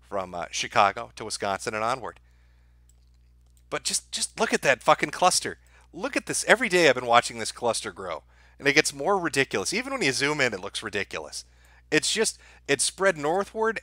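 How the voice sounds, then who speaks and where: A man hosts a live stream and addresses his chat directly in a sarcastic, crude, profanity-laced commentary. His voice is forceful and bright at a middling pitch. The recording is dry, with no room sound around him. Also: no echo.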